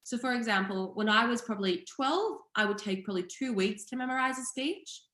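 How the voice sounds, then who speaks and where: A young woman teaching public speaking online, explaining each skill in a clear, steady way. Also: fairly high pitch, brisk. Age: young adult. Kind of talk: online seminar presentation. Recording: echoey room.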